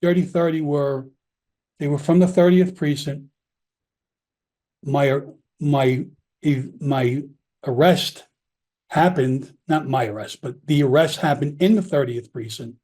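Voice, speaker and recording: A man's voice: on the high side, slow, pauses often, dark tone. A middle-aged man, a former police officer telling his story in an interview, emotional and profane, acting out the people he quotes. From Long Island, New York.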